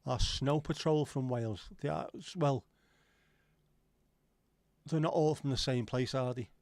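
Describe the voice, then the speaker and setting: A man's voice: mid-range voice, unhurried, a little mellow, no room sound. A middle-aged man hosting a casual livestream, rambling, swearing now and then and answering chat comments. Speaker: livestream host.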